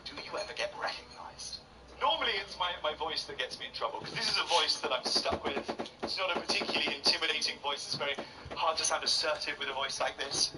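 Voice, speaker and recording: A man's voice: fairly high pitch, fast, distant mic, heavy background noise. A British man doing a stand-up routine, telling stories in a posh, self-mocking way on a large theatre stage. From Britain. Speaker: stand-up comedian.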